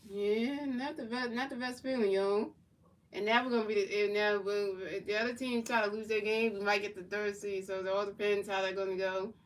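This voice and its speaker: A woman from Philadelphia calls the plays of a football video game and answers her chat in a casual, looping way, restarting phrases again and again. Her middle-pitched voice stays flat and even. The mic sits a little distant from her. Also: a little fast. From Philadelphia, USA. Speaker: gaming streamer. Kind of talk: play-by-play commentary of a football video game, chatting with viewers.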